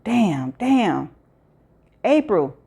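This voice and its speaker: A woman's voice: medium pitch, expressive, unhurried, darkish tone, pitched above the performer's own voice. A woman voicing an anxious pregnant young woman who calls out in breathless, pleading tones. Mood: desperate.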